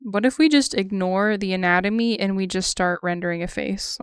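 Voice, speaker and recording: A young woman chats on her art stream while she draws, thinking out loud with fillers and small giggles. Her voice is smooth and clear at a middling pitch. The sound is dry and close. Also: normal speed, no room sound. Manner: chatty, giggly, thinks aloud with many fillers. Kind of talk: casual chat while drawing on stream.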